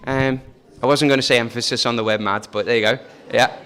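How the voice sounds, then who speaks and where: A man's voice: medium pitch, steady tone, brisk, fairly bright tone, clear, resonant tone. A man leading a family church service, talking in a chatty, joking way and asking the children questions. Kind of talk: informal family service talk.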